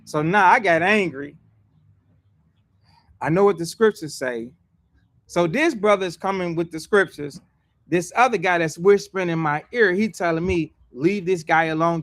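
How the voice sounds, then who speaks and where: A man with a high-sitting voice preaches a sermon emphatically, repeating himself and using street slang. He swings between loud outbursts and quiet asides, and there is no room sound.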